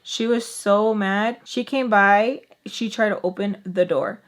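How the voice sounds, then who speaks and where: A woman telling a storytime vlog in an animated, chatty way, full of fillers. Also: mid-range voice, slow. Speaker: vlogger. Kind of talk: storytime while doing makeup.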